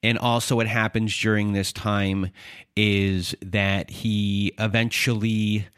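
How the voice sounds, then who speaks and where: A man hosting a podcast, recapping the guest's story in slow, measured questions with small hesitations. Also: on the low side, level tone, a bit bright, smooth, no echo, studio quality. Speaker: podcast host.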